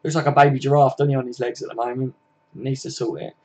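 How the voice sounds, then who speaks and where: Young southern English lad hosting a football stream, mid-pitched and chatty, all slang and tag questions. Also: male voice, level tone, quick pace, a little mellow. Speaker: football live-stream host. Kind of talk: casual live-stream chat reading viewer comments.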